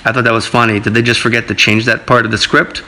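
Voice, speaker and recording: A man's voice: medium pitch, flat delivery, fast talker, bright, forceful tone, rough recording. A man hosting a comedy podcast, profane and wisecracking, ranting about sports and reading listener mail. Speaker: podcast host. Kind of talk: casual comedic sports rant.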